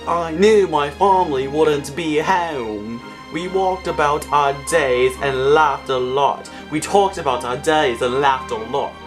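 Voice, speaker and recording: A man's voice: fairly high pitch, music in the background. A man doing a wobbly fake Australian reading voice. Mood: earnest. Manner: slow, drawn-out, overly earnest reading. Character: young man reading a romance story in a clumsy fake Australian accent.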